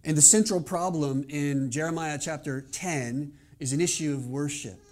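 A male pastor delivering a sermon, opening with a quiet prayer and then speaking in an earnest, measured way. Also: on the high side. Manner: earnest, measured preaching with soft prayerful passages.

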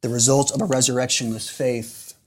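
A man's voice: mid-range voice, flat delivery, brisk. A man preaching a sermon in an earnest, emphatic way, repeating phrases for rhetorical weight.

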